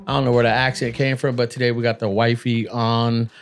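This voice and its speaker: A man hosting a motivational podcast, talking in an animated, slangy way and often saying "man". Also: mid-range voice, a little fast, soft background music. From Native American. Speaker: podcast host.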